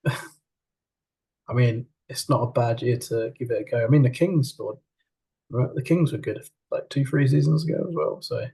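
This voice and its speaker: A man co-hosting a casual podcast chat, hesitant and trailing off, with quiet laughs. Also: medium pitch, measured pace, gravelly, long pauses, husky, rough recording. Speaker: co-host.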